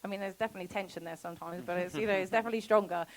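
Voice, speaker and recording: A woman giving a casual festival talk about homesteading, chatty and quick to laugh, acting out quoted conversations. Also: medium pitch, fairly even intonation, low-quality recording. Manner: chatty, laughs often, acts out quoted exchanges. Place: festival talk before an audience.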